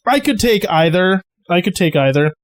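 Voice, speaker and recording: A man's voice: high voice, expressive, moderate pace. Chatty man running a tabletop game. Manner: loose, chatty, laughing, many fillers. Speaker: game master.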